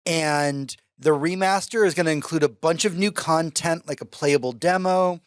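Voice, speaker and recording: Male podcast co-host, excitable, curses a lot, slightly high voice, dry close sound. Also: normal speed, clear, resonant tone, no room sound. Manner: excitable, swears, talks in bursts. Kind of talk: casual chat.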